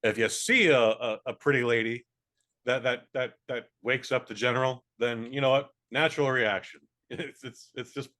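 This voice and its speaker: A man hosting a podcast in a relaxed, comedic chat. He rambles through his stories and makes his points bluntly. His voice sits at an everyday mid pitch. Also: moderate pace. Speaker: podcast host.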